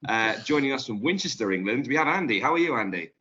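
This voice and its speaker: Bright-voiced man hosting a football podcast. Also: mid-range voice, lively intonation, fast, dull audio, slight background noise. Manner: chatty, leads the talk with filler ums. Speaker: podcast host. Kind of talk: casual football chat. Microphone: video call.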